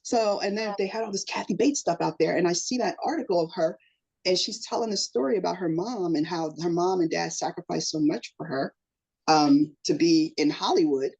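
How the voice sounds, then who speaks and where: A woman's voice: fairly low pitch, a little fast, husky, low-quality recording. A middle-aged woman telling a personal story in an emotional, earnest way as a podcast guest. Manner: emotional, earnest storytelling with lively quoted voices.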